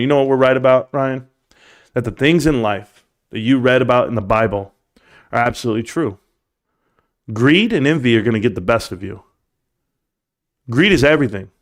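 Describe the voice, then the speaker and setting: A man's voice: mid-range voice, animated, a little fast, long pauses. A man hosting a livestream, ranting sarcastically and with swearing at viewers in his chat. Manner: addresses chat viewers by name. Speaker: livestream host.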